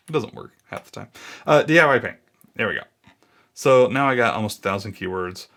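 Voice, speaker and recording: A man's voice: lowish voice, very animated, a little fast, creaky, fairly bright tone. A man in his thirties thinking aloud in a casual, easily sidetracked way as he walks through a screen recording. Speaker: blogging YouTuber.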